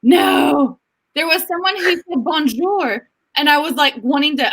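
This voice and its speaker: A woman's voice: high voice, a little slow, a bit bright, poor audio. A woman hosting a casual livestream chat, bubbly and giggly as she greets viewers. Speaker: livestream host.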